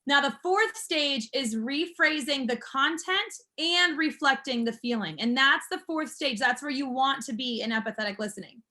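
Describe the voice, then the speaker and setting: A woman's voice: high-pitched, moderate pace, few pauses, bright, forceful tone. A woman instructor teaching a class, explaining step by step in an upbeat, encouraging manner. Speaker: martial arts school instructor.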